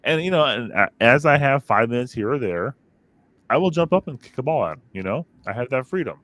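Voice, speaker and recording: Lively rambling dad telling stories. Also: male voice, mid-range voice, fairly quick, no echo. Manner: rambling, animated storytelling with acted-out quotes. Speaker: podcast co-host. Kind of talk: casual chat. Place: home office in basement. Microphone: studio microphone.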